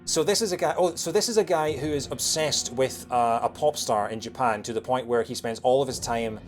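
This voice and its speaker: A man with a Scottish accent softened by years in England, chatting quickly while streaming a game, with lots of fillers and restarts. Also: mid-range voice, faint music behind. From Scotland. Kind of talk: casual chat while playing a game.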